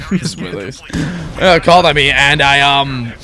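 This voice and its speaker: A man's voice: mid-range voice, measured pace, bright, forceful tone, faint music behind. A man, host of a gaming channel, telling a rambling joke in a goofy, giggly way, often interrupting himself. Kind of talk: rambling comic storytelling.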